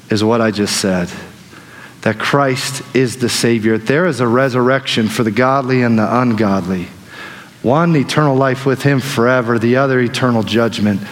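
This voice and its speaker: A man preaching a sermon as pastor, telling stories in an animated way that swings between loud and hushed. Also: mid-range voice. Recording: long hall reverb.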